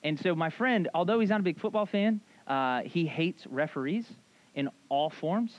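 A man's voice: on the high side, moderate pace, muffled recording. A man preaching a casual sermon in a conversational way, often asking "right?" and acting out short quotes. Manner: conversational, animated, frequent "like" and "right?", acts out quotes. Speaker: pastor.

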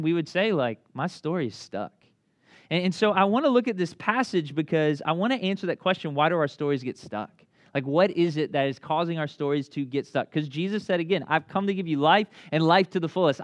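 A young man preaching a casual sermon, telling stories in a chatty, animated way with lots of asides. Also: fairly high pitch, a little fast, no room sound. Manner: conversational, animated storytelling with many asides. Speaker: pastor.

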